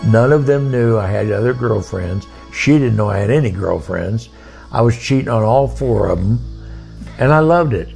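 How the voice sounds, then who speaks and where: A man's voice: on the low side, animated, normal speed, vocal fry, a little mellow, faint music behind. An older man telling his personal testimony in a folksy, plainspoken way.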